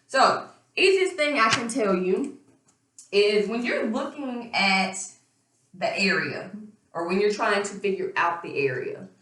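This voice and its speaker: A woman teacher with a slightly hoarse voice walks students through a math lesson patiently, pausing on fillers as she goes. She sits back from the microphone, and the room gives her voice a noticeable echo. Her pitch sits in an ordinary middle range. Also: big pitch swings, a bit bright. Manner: patient, explains step by step with fillers. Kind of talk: recorded remote math lesson. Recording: echoey room, far from mic.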